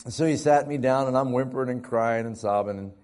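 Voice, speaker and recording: A male preacher telling a story in a sermon, animated and often laughing as he talks. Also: mid-range voice, a little fast.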